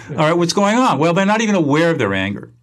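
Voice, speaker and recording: A man's voice: fairly high pitch, fast. A man as a podcast guest, passionately teaching a conversation technique and acting out example exchanges. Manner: passionate, animated, acts out example dialogues. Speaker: guest expert.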